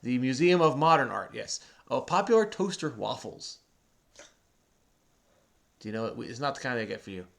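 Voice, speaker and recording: A man's voice: mid-range voice, sing-song, normal speed, creaky, long pauses, a bit bright. A man hosting a crossword video, patiently and chattily explaining the clues to a child who does the typing. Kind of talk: casual explaining to a kid while solving.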